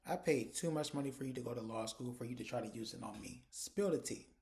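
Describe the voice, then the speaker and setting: A man's voice: medium pitch, fast talker, gravelly, darkish tone, close to an everyday voice. Man doing a sassy scolding mother. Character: bossy dramatic middle-aged mother.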